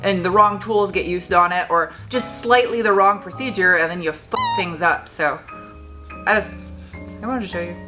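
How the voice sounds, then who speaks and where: A woman's voice: fairly low pitch, moderate pace, music in the background. A young adult woman casually narrating her truck restoration in a garage, joking and talking to herself as she works. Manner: chatty, joking, talks to herself while working. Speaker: car restoration vlogger.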